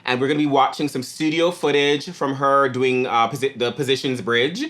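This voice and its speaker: A man in a pop group hosting a reaction video, chatting casually in a slangy, animated way. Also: mid-range voice, normal speed. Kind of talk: casual chat.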